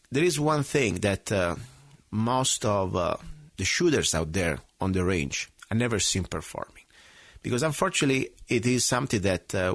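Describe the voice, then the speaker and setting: Male talk radio host: fiery solo monologue, lowish voice, close dry studio mic. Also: no room sound. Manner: impassioned, outspoken, swings between loud emphasis and low asides.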